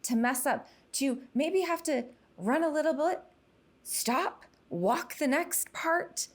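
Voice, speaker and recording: A woman podcast guest talking about youth mental health in an earnest, emphatic way, in casual conversation. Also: sits high. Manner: earnest, emphatic, quick to explain.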